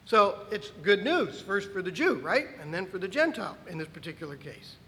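The male pastor preaches fairly quickly in a high, bright-sitting voice, animated and emphatic, slipping in wry asides to those listening. Long reverb makes his words ring out as if in a large church hall.

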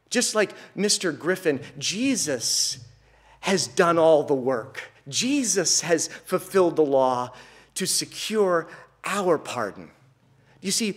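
A man's voice: sits high, slightly rough. A man preaching a sermon, telling an illustration story in an earnest way and then building to emphatic, repeated declarations.

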